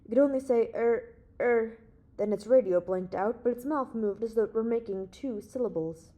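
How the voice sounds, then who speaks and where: Woman reading a young male space hero, authoritative, reasoning, persuasive, mellow tone, audiobook. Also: fairly high pitch, moderate pace, natural voice. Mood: confident, reasoning.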